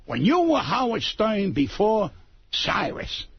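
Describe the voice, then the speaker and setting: A man's voice: high voice, huge pitch swings, takes it slowly, creaky, slightly rough, no room sound. A man in his seventies, a comedian guest, talking bluntly and combatively with lots of profanity in a radio interview. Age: 70s. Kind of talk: heated radio interview banter. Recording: dull lo-fi radio broadcast.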